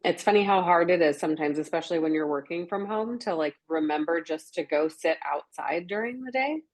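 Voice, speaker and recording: A woman's voice: lowish voice, fairly quick. A woman podcast host, chatting casually with many fillers and frequent laughs. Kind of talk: casual chat.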